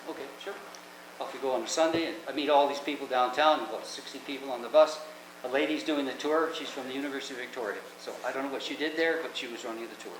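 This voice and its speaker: Older man rambling through stories. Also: medium pitch. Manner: rambling, chatty, with frequent restarts. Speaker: host. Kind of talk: casual anecdotal storytelling. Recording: echoey room with background noise.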